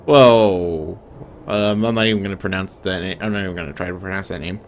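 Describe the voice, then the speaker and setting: A man's voice: low-pitched, fairly even intonation, rapid-fire, a bit bright, a little hiss or hum. Rambling, self-deprecating gamer guy. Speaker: let's play gamer. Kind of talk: casual gameplay commentary.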